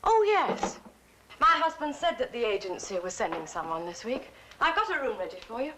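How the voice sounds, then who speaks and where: A woman playing a polite, lively innkeeper's wife. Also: fairly high pitch, normal speed, a little hiss or hum. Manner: polite, hospitable. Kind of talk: period film dialogue.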